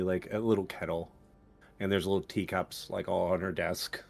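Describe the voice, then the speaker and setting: A man's voice: deep voice, fairly even intonation, a little fast, vocal fry, a little mellow. A man running a tabletop game as game master, narrating casually with many fillers and restarts.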